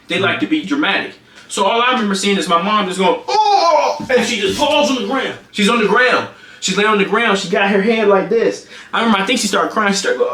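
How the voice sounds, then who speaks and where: An excitable young man tells a story on a live stream, his voice high and bouncing all over the place. He punches it up with sound effects, and the sound is bright and echoes off the room around him. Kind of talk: animated storytelling on a livestream.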